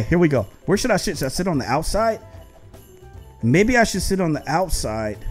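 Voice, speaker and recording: An excitable man commentates his gameplay in a high, bright-pitched voice, talking straight to his viewers. Soft game music plays faintly underneath. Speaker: gaming video host.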